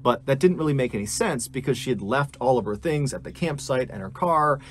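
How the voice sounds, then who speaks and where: A man narrating a true missing-person story in a steady storytelling manner that builds suspense. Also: mid-range voice, fairly quick, a little hiss or hum.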